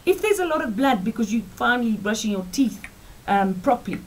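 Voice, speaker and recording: South African woman vlogger, forties, fairly high-pitched, animated, talks straight to viewers, teacherly. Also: a little fast, rough recording. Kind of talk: chatty storytelling to camera.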